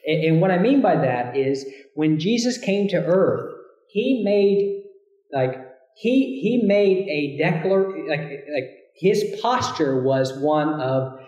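A man's voice: sits high, a little mellow, reverberant, rough recording. A man preaching a sermon, emphatic, often restarting phrases and rising sharply when he quotes scripture.

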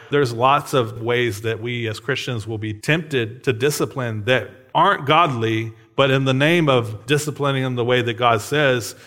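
Male pastor, 30s, relaxed conversational sermon, mid-pitched voice, keeps asking the room "right?". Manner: conversational, frequent tag questions.

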